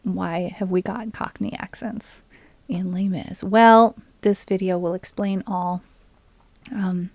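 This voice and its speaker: A woman chatting with her stream viewers between songs, talking in an unhurried, easygoing way. Her voice is soft and often fades toward a whisper as she recommends things. The sound is dry and close, with no room around it. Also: fairly low pitch, steady tone, dry recording. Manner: soft-spoken, often trailing into a near whisper. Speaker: streamer and ukulele singer. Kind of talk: casual chat between songs.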